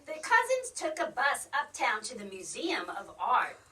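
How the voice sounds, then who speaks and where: A woman's voice: on the high side, wildly swooping pitch, unhurried, sharp tone, slight background noise. Woman reading a rhyming picture book, sing-song. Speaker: librarian reading aloud. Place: school library. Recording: distant mic.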